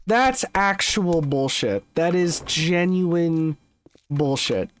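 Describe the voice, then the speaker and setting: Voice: medium pitch, animated, slow. A gaming streamer giving let's-play commentary, swearing often and ranting in exasperation.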